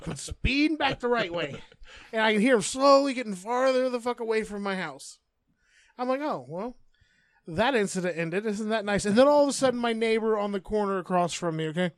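A man's voice: sits high, no room sound, studio quality. A man telling a long, profane neighborhood story as a podcast co-host in casual chat.

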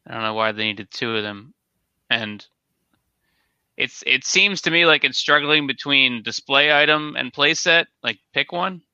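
Young guy rambling his opinions in a chat, super bright voice, dry close sound. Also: mid-range voice, measured pace, clean tone, dry recording, muffled recording. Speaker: co-host reviewing toy sets. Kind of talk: casual chat.

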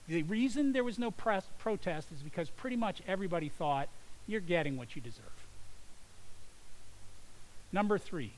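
A man delivering a sermon in a high, light voice. He moves between quiet, weighty pauses and sudden forceful rises as he recites scripture and asks questions to the congregation. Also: low-quality recording. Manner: dramatic, quoting scripture with swings between hushed and loud. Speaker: pastor.

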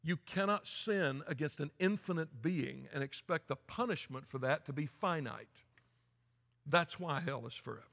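A gravelly, fairly high-pitched man. He is blunt and folksy, dropping to quiet asides and rising to loud preaching. His voice rings with the long echo of a large church sanctuary. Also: moderate pace. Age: 50s. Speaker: pastor. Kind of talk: sermon. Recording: echoey church hall.

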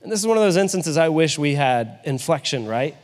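A man's voice: a little high, expressive, brisk, in a large hall. A male pastor giving a sermon in a conversational way, often asking his listeners rhetorical questions.

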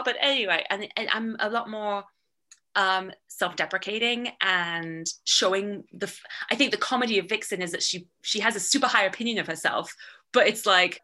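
A young British woman chatting casually in an interview, lively and acting out the voices she quotes. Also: medium pitch, normal speed. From Britain. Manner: animated, acts out quoted voices, swears casually. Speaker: guest, burlesque performer and actor.

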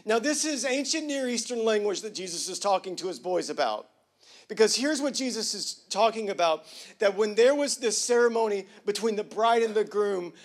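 A male pastor preaching a sermon with casual slang, swinging from hushed to loud and emphatic. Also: high-pitched. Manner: casual slang, jokes with the congregation.

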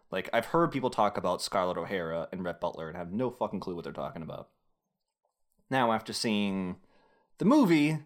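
Young man, podcast host, low-ish voice, loose rambling delivery with frequent laughs. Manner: rambling, self-interrupting, laughs often. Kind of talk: casual podcast chat.

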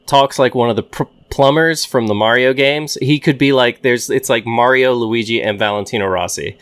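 A man's voice: mid-range voice, moderate pace. Podcast guy telling a funny story, chatty and amused. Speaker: podcast co-host. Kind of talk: casual chat.

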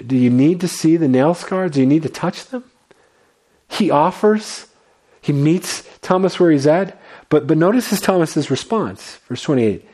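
A man preaching a sermon as a pastor, earnest, often repeating his words and moving between lively and quiet passages. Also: fairly high pitch.

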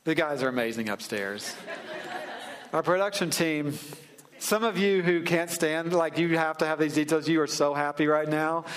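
A pastor preaching a sermon in a relaxed, joking way, slowing down to stress key phrases. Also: male voice, fairly high pitch. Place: church sanctuary.

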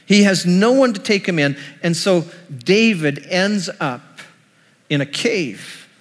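A male pastor delivers a sermon, retelling a scripture story as he goes. His voice sits a little high for a man. A long reverb trails each phrase, as in a church hall. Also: lively intonation, takes it slowly.

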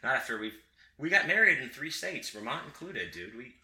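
A man's voice: mid-range voice, sing-song, fairly quick, pushed and bright. A man hosting a casual chat, bantering in a loose, joking, profane way. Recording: echoey room.

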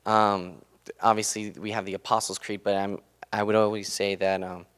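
Earnest young man, low voice. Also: level tone, normal speed, a bit bright. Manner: earnest, loosely structured, many fillers. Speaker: student speaker giving a devotional. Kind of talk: casual sermon talk.

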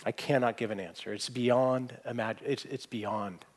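A man preaching a sermon, earnest, pressing points hard and then dropping to a hushed voice. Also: medium pitch, steady tone, normal speed. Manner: earnest, swings from emphatic to hushed. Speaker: pastor.

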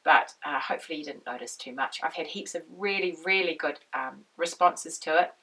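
A woman with a croaky voice, chatting casually as host of a knitting podcast and wandering off on tangents. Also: sits low, a little fast, fairly bright tone, recorded from a distance, low-quality recording. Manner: chatty, rambling, goes off on tangents. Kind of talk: casual chat to camera.

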